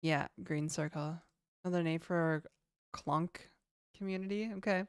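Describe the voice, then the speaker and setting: A young Canadian woman with a lowish, smooth voice, chatting easily on a livestream. She reads out viewer questions and answers them in a relaxed, offhand way. The sound is close and dry, with no room around it. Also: normal speed, dry recording. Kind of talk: casual livestream chat.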